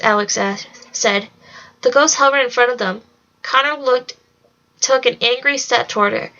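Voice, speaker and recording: A woman reads a storybook aloud in a bright, fairly high voice with a sharp edge, keeping an even, steady pace. The lo-fi home recording is slightly dull. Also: moderate pace. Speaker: reader. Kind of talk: storybook read-along narration.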